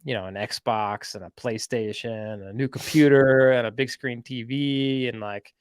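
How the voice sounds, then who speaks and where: A man's voice: mid-range voice, steady tone, measured pace, clear, resonant tone, no room sound. A man hosting a podcast, telling a story in a casual, rambling way, full of "like" and "right?". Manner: chatty, rambling, lots of "like" and "right?". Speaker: podcast host.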